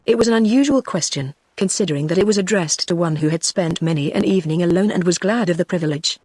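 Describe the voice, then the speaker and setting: A text-to-speech woman's voice with a British English accent, reading a novel as scripted narration at an even pace. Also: fairly low pitch, quick pace, breathy edge, no echo. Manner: evenly paced synthetic reading. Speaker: audiobook narrator.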